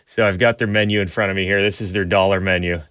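A man's voice: low voice, fast, smooth, dry recording, studio quality. A man in his thirties, a radio show host, telling family stories in casual banter, laughing often and acting out other people's lines. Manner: animated storyteller, laughs often, acts out his child's lines.

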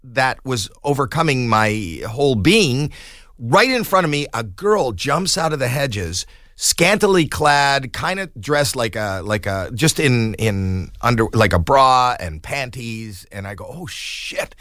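Animated, bright-voiced man telling a wild story. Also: medium pitch, unhurried, dry recording, studio quality. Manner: animated, laughing, voices in quotes. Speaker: podcast guest comedian. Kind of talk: storytelling anecdote.

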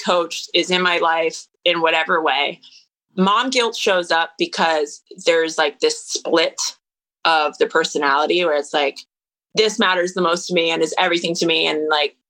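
A woman in her thirties speaks as a podcast guest in a slightly low voice. She is earnest and reflective, and her voice lifts in lively bursts. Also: low-quality recording. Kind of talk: casual interview conversation.

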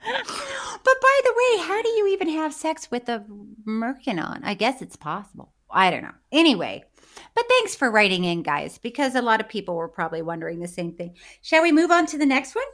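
A woman's voice: on the high side, sing-song, brisk. A woman co-hosting a podcast, chatting casually, laughing often and reading listener letters aloud. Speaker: podcast co-host. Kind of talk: casual chat.

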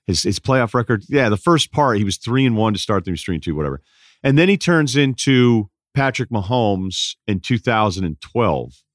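A man hosting a sports podcast, delivering an opinionated monologue and rattling off stats in quick bursts. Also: fairly low pitch, no room sound, studio quality. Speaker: podcast host.

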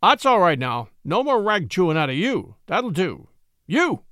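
A man voicing a rough frontier deputy with gruff, rustic country speech. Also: high-pitched, sing-song, unhurried, a bit bright, no echo, studio quality, heavily acted. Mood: blustering. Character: blustering frontier deputy, rough and then cowed.

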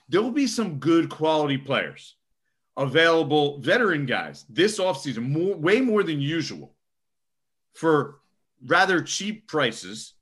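A young man giving casual sports podcast analysis, emphatic and animated, often tacking on "okay?". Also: medium pitch. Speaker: co-host.

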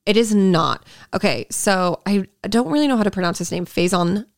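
A woman's voice: medium pitch, normal speed, no room sound, clean studio sound. A young woman co-hosting a podcast, gossiping in a casual chat and acting out quotes in mocking voices. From California. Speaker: podcast co-host.

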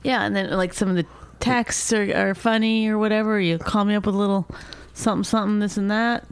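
A woman's voice: mid-range voice, fairly even intonation, fairly quick, clear, resonant tone, no room sound. A woman co-hosting a podcast, rambling and complaining in casual chat, swearing freely. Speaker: podcast co-host.

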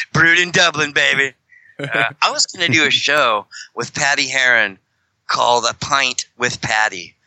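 Chatty man, very bright voice. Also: mid-range voice, a little slow, dry recording, low-quality recording. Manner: rambling, joking, many self-corrections. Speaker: guest, fellow fringe Christian show host. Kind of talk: casual podcast chat.

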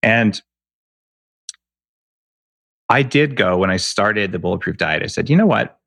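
A man's voice: on the low side, animated, unhurried, gravelly, a bit bright, dry recording. A man talking emphatically in an interview, ranting with rhetorical questions. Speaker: guest expert on health. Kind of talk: animated interview talk.

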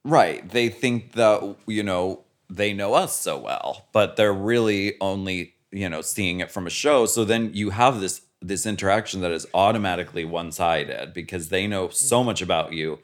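A man co-hosting a podcast, chatting casually and thinking out loud. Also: low voice, normal speed, few pauses. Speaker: podcast co-host. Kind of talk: casual chat.

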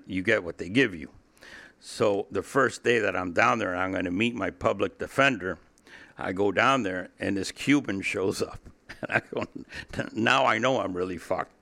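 Gravelly, profane older man telling stories. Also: on the low side, moderate pace, fairly bright tone. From Cuba. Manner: blunt, profane, laughs often, repeats himself. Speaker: interview guest. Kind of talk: candid storytelling in a podcast interview.

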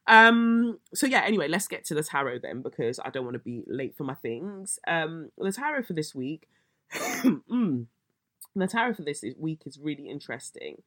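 Croaky-voiced woman, bright and animated. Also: low-pitched, a little fast, hardly any pauses, no room sound, clean studio sound. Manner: animated storytelling, swearing, bursts of exaggerated shrieking. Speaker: podcast host. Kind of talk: casual solo podcast chat.

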